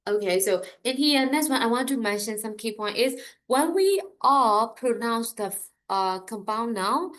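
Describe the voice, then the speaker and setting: A woman from Myanmar with a Burmese accent, teaching an online English class and explaining slowly and carefully. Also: a little high, expressive, a bit bright. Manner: slow, careful explaining, stressing example words.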